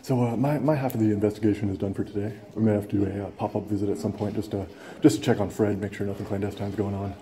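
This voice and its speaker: Fast-talking sarcastic man. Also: on the low side, steady tone, warm tone. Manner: sarcastic, mock-official, jokey. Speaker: first amendment auditor. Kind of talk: filming and talking to officials.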